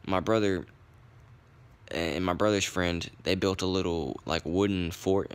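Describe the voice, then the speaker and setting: A young man tells a long story in a rambling, easygoing voice. His voice is very low and deep, and he swears casually as he talks. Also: steady tone, unhurried, smooth. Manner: profane, rambling, laid-back. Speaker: vlogger.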